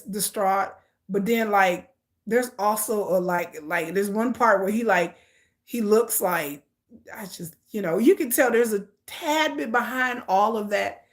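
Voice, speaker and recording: A woman runs a casual live stream, speaking emphatically and repetitively and calling her viewers "y'all." Her voice is mid-range and a bit bright.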